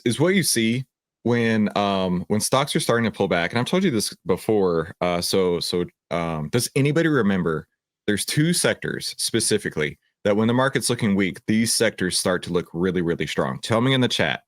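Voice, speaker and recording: A man's voice: fairly low pitch, dry recording, clean studio sound. A man hosting a livestream, chatting upbeat with viewers in the chat. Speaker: host of a livestream, reacting to a video.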